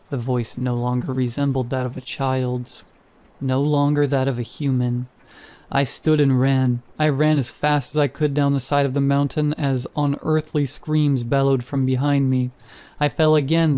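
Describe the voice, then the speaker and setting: Mellow-voiced man narrating horror. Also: mid-range voice. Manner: measured and steady storytelling. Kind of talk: scripted first-person horror narration.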